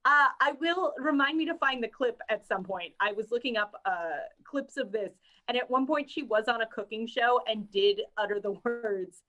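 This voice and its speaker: A woman's voice: on the high side, normal speed, hardly any pauses, sharp tone. A woman co-hosting a casual podcast, reading news items and chatting with amusement. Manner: amused, laughing often. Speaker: podcast co-host.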